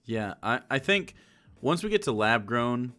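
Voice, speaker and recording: A man in casual podcast chat, relaxed and musing, often chiming in with short agreements. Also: mid-range voice, unhurried, soft background music. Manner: laid-back, chimes in with short agreements and musings.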